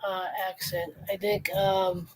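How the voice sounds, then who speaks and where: A woman's voice: lowish voice, level tone, takes it slowly, darkish tone, husky, rough recording. A tired woman chatting loosely and laughing as she draws on a live stream. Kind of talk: casual chat.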